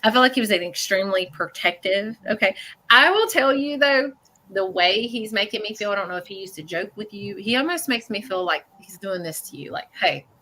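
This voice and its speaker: Woman medium doing a live call-in reading. Voice bright and forward. Halting, earnest and blunt, with frequent "okay?" check-ins. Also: medium pitch, animated. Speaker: psychic medium giving a reading.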